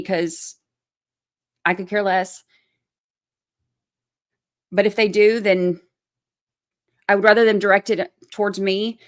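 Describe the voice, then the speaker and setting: This is a woman hosting a livestream with heated, hard-edged commentary. She speaks bluntly and swears freely. She hammers her points home by saying them twice, in a voice of ordinary middle pitch. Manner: blunt, profane, repeats her points for emphasis. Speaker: channel host.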